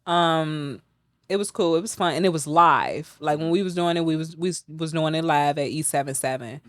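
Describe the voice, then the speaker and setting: A woman's voice: low voice, moderate pace, no echo. A woman, a podcast guest talking bluntly and profanely in a candid studio interview, getting heated as she goes.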